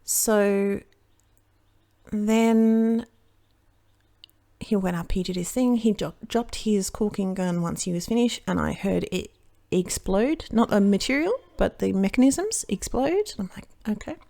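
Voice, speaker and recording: A woman's voice: medium pitch, measured pace, creaky, mellow. An Australian woman chatting casually while she crafts, telling a long rambling story that keeps interrupting itself. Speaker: card-making crafter.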